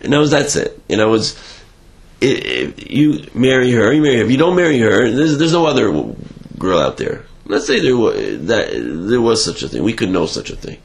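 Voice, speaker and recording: A man telling a religious story in a halting, animated way, with frequent restarts. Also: medium pitch, gravelly.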